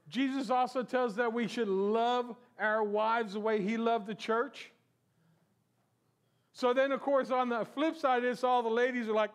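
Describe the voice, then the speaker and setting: A man with a high voice preaching to his congregation in a church. He talks in an easygoing, conversational way and often asks rhetorical questions before answering them himself. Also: fairly even intonation, normal speed, smooth. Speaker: pastor. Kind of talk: sermon.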